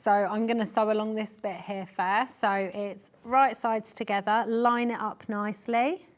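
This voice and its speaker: A woman walks viewers through a sewing demonstration on a live TV studio show. She explains each step and adds chatty asides as she goes. Her voice sits at an ordinary middle pitch. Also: fairly even intonation, measured pace.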